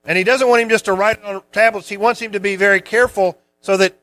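A man with a notably high voice preaches in an easygoing, conversational way. He explains scripture verse by verse, pausing and rephrasing as he goes. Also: fairly even intonation, fairly bright tone. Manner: conversational Bible teaching with restarts. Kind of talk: sermon.

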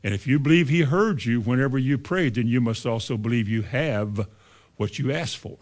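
A man's voice: mid-range voice, normal speed. A man, preaching a sermon with emphatic rises on key lines and quoting scripture. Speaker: pastor.

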